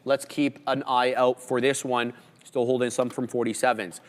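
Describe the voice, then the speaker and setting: A man hosting a live trading stream, calling out prices and levels in quick market commentary. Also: medium pitch, flat delivery, long reverb tail. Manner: rapid price calls, banter with co-host. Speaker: trading livestream host.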